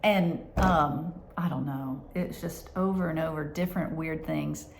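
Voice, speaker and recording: Slow, creaky-voiced woman telling a story. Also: sits low, steady tone, slight background noise. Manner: halting, with many restarts and hushed asides. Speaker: vlogger. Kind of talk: personal storytelling.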